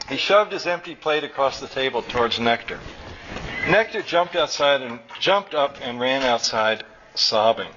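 A man reading his own story aloud to a live audience at a college, in a plain, steady storytelling manner. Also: mid-range voice, normal speed. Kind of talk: live public fiction reading. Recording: dull recording with faint room noise.

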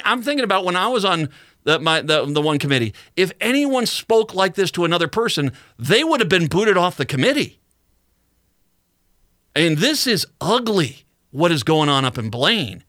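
Bright-voiced, indignant talk radio host. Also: male voice, on the high side, dry recording, clean studio sound. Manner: indignant, ranting, many restarts. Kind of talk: opinionated talk radio monologue.

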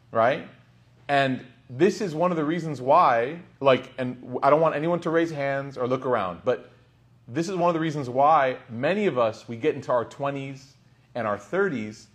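A man giving a religious lesson in a conversational, storytelling way. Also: medium pitch. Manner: conversational, frequent "like" and "right?". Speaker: Islamic teacher. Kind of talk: lecture storytelling.

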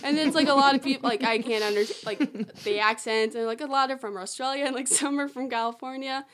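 A young woman guesting on a casual podcast tells a story at a rapid clip. Her voice sits a little high, and she acts out the quotes with plenty of "like" fillers. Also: steady tone, fairly bright tone, slight background noise.

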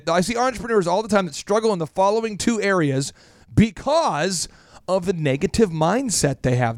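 High, animated man hosting business radio. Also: dry recording, clean studio sound. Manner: animated, repeats phrases for emphasis. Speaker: radio show host, business coach. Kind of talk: energetic business talk radio.

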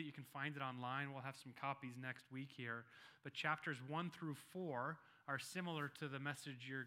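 A male pastor preaching a sermon, reading scripture slowly and stressing key phrases by repeating them. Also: a little high, sharp tone. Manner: reads scripture slowly and deliberately.

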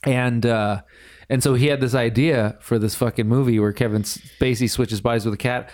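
A man's voice: medium pitch, steady tone, normal speed, a little mellow. Man, casual podcast chat, rambling, reads a passage aloud. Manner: rambling, lots of fillers, laughs often. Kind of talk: casual chat, reading a blog excerpt aloud.

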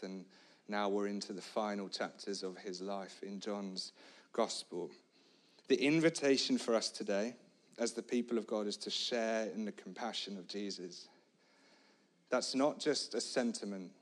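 A man preaching a sermon, retelling a story dramatically, moving between hushed, quiet lines and loud shouts. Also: lowish voice.

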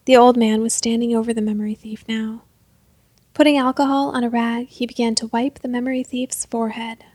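A woman narrates a story softly and unhurriedly, often slipping into a half-whisper. Her voice is fairly high with a gravelly fry, and the recording is close and dry. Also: flat delivery, moderate pace, no echo.

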